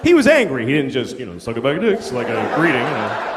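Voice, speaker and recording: Animated man doing stand-up in a reverberant hall. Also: medium pitch, fast talker. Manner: animated storytelling with swearing and laughter. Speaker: stand-up comedian. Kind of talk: stand-up comedy. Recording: live stage recording with hall reverb, crowd and noise.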